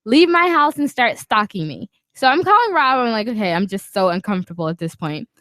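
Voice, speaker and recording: A woman co-hosting a podcast, telling a story in casual chat, animated and swearing, acting out what others said. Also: fairly high pitch, fairly quick, dry recording. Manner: animated, swearing, acts out quotes. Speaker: podcast co-host. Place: small podcast studio.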